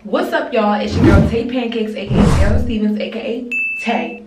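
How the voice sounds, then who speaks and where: A young woman with a stuffy nose and a slightly hoarse voice, chatting candidly and poking fun at herself while doing her hair. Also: on the high side, brisk, reverberant, recorded from a distance, over loud music. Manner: chatty, candid, self-mocking. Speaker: beauty vlogger. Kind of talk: casual hair tutorial vlog.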